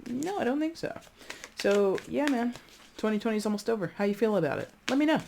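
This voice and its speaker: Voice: medium pitch, lively intonation, a little fast, vocal fry, background noise. A chatty tarot reader giving a casual reading to viewers, rambling and searching for words aloud, often checking in with "okay?". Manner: addresses viewers directly, frequent "okay?".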